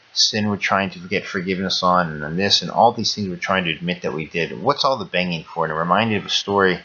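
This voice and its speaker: A man with a very low, husky voice delivers a holiday sermon with forceful emphasis, working through a parable and repeating key phrases. The recording sounds dull and lo-fi. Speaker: religious speaker.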